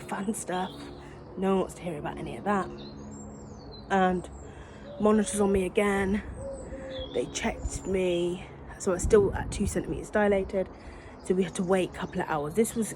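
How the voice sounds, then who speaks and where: A woman's voice: fairly low pitch, background noise. Chatty young woman telling a birth story. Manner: chatty, rambling, often corrects herself and addresses viewers as guys. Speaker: new mother telling her birth story. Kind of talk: casual storytime vlog.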